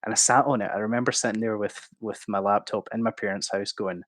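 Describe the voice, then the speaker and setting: A man in his thirties telling an animated, swearing-laced story as a guest on a livestream. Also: fairly low pitch, quick pace, no room sound. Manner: animated anecdote-telling, swearing, acting out quotes. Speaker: guest speaker.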